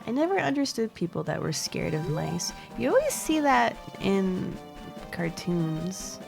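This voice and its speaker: A woman's voice: mid-range voice, sing-song, a little slow, vocal fry. A young woman streaming a video game, chatting in a rambling, giggly way and swearing casually. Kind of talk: casual gameplay chat. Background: game music.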